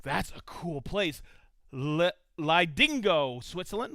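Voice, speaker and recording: A man's voice: high-pitched, big pitch swings, a little slow, bright, forceful tone, no room sound, clean studio sound. An enthusiastic man hosting a casual live stream, chatting and calling out viewers' locations one after another. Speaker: host of a live tool show.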